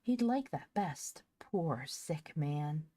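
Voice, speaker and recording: A woman voicing a small, earnest little girl who speaks slowly and insistently. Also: sits low, animated, dark tone, dry recording, exaggerated voice.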